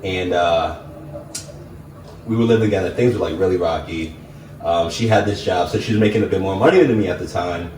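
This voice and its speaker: A young man, an interview guest telling a personal story in a relaxed, reflective way, full of "like" fillers. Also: low voice, a little fast, far from the mic. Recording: echoey room, mic set back, faint hiss.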